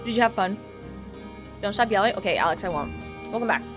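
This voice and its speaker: A young woman streaming a game and chatting casually with viewers, loud and playful, swinging from yelling to soft asides. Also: mid-range voice, expressive, fast, over music.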